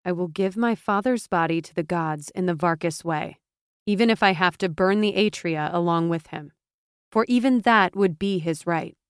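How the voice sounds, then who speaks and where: A proud, commanding young noblewoman, as a woman narrator voices her who speaks with firm contempt. Her voice sits low, and the sound is close and dry. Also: normal speed, clear, resonant tone, no echo, natural voice.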